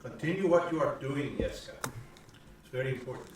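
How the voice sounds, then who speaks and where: A man voicing a kindly older male village priest, gentle, earnest and halting. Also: medium pitch, noisy background, close to an everyday voice. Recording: echoey room from far off.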